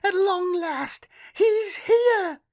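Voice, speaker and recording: A man's voice: very high-pitched, wildly swooping pitch, takes it slowly, dry recording, studio quality, voice pushed up, exaggerated voice. A man voicing an eerie, serene little girl with a light, airy, sing-song manner in an audiobook. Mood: gleeful.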